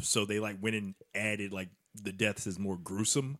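A man's voice: fairly low pitch, little pitch movement, normal speed, a bit bright. Rambling man full of "like"s. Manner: rambling, filler-heavy, profane. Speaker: podcast co-host. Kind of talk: casual movie-review chat.

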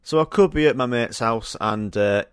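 A man's voice: medium pitch, normal speed, smooth, no room sound, clean studio sound. A young man hosting a solo podcast, chatting casually and swearing through rambling stories. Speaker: podcast host.

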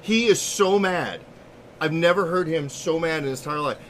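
A man co-hosting a podcast, telling a story in casual, profane, animated chat. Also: fairly high pitch, moderate pace, slight background noise. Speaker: podcast co-host.

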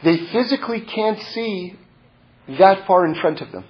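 A man giving a spoken religious teaching built around a personal story, halting and repeating words, growing more intense toward his point. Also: sits high, husky. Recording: dull lo-fi recording.

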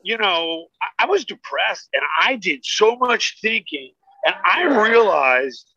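A comedian from the United States, guesting on a podcast, telling emphatic, animated stories in casual chat. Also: male voice, sits high, slow pace, breathy edge, no echo, highs cut off.

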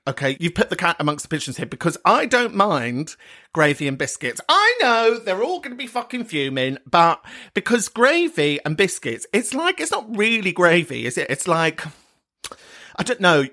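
A man's voice: high-pitched, sing-song, normal speed, pushed and bright. A British man hosting a comic call-in podcast, camp and teasing, who swears freely and laughs often. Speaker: podcast host.

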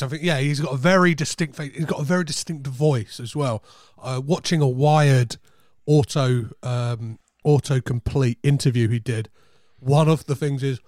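A man's voice: on the high side, no echo, studio quality. A man co-hosting a film podcast in casual chat, talking enthusiastically and rambling with restarts. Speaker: podcast co-host.

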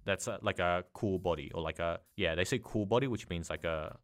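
A man's voice: low-pitched, a little fast, fairly bright tone. A young man co-hosting a podcast, explaining Japanese words in loose casual chat full of "like" fillers. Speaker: podcast co-host.

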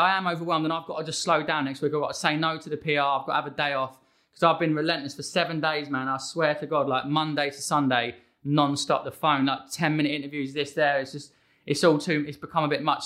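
A man with a bright, forceful voice and a slightly high pitch who rattles along at speed. He is a fitness trainer in a relaxed interview conversation, excitable and emphatic, and he tumbles from one thought into the next. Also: fast.

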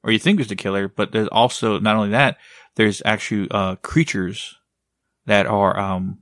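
A man's voice: fairly low pitch, brisk, a bit bright, dry recording, studio quality. A man chatting casually as a podcast co-host, rambling, leaning on "like" and "right?", and swearing now and then. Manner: rambling, heavy use of "like" and "right?". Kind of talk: casual chat.

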